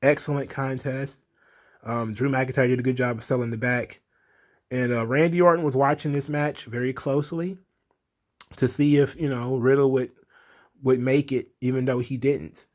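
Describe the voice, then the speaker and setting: A man's voice: medium pitch, fairly even intonation, moderate pace, a little mellow. A man casually recapping a wrestling show, rambling and exasperated, with lots of fillers. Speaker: wrestling commentary vlogger.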